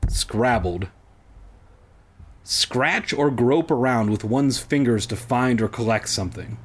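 A man's voice: mid-range voice, unhurried, slight background noise. A man reading a kids' book aloud for laughs, breaking off into profane, self-deprecating asides.

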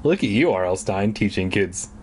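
A man's voice: lowish voice, lively intonation, moderate pace, a little mellow, a little hiss or hum. A man reading a children's horror book aloud and breaking off for sarcastic, irreverent asides. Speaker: reader and commentator.

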